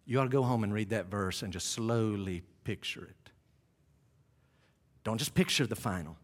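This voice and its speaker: Man preaching in an echoing hall. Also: normal speed. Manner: swings from low, quiet teaching to loud, high, dramatic storytelling. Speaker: pastor. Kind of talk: sermon.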